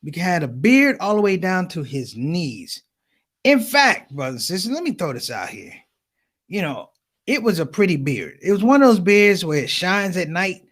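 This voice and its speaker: A man doing stand-up comedy, telling stories as an animated storyteller with big voice swings. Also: high-pitched, moderate pace.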